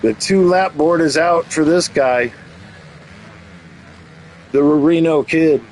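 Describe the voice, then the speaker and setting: A man's voice: fairly high pitch, slow, a little mellow, rough recording. A man giving playful play-by-play commentary on a race, mixing calls with teasing jokes. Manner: jokey, teasing asides between race calls. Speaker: race commentator and channel host.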